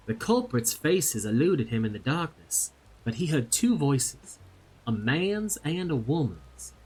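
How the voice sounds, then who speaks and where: A man's voice: on the high side, husky, exaggerated voice. Loashkana: a man voicing a shy village woman in a Southern drawl. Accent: put-on American Southern. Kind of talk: reading game dialogue aloud.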